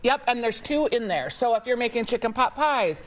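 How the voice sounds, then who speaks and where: Female food guest, chatty explainer, slightly high voice. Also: lively intonation, brisk, slight background noise. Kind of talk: product demo chat. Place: TV studio.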